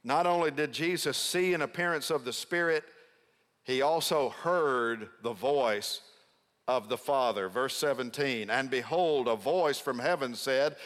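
A man's voice: mid-range voice, a bit bright. Emphatic middle-aged male pastor preaching. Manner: emphatic, prompts congregation responses; slows down to stress key words. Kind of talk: sermon. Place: large church sanctuary. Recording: long hall reverb.

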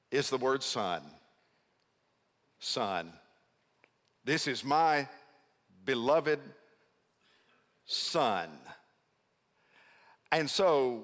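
A middle-aged man preaching a sermon as a pastor. He stresses key words by slowing down and calls on the congregation to answer back. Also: on the high side, a bit bright. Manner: emphatic, prompts congregation responses. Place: large church sanctuary. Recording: long hall reverb.

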